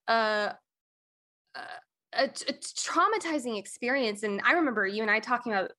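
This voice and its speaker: A young adult woman, a podcast guest and coach, telling a painful personal story candidly, with many pauses and fillers. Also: fairly high pitch, animated, sharp tone.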